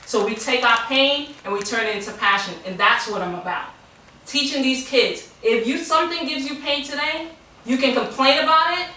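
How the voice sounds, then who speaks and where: A woman's voice: a little high, sharp tone, very echoey, far from the mic, slight background noise, rough recording. A woman guest on a radio show, a teacher and mentor, speaking with passion in a preacherly way, repeating phrases for emphasis. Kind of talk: emotional testimony on a radio show.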